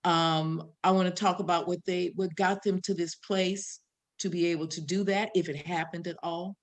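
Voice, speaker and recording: Casting: older woman host, Chicago accent, gravelly, reflective, riffing. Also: lowish voice, steady tone, normal speed. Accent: South Side Chicago. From American Midwest. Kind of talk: hosting an online panel.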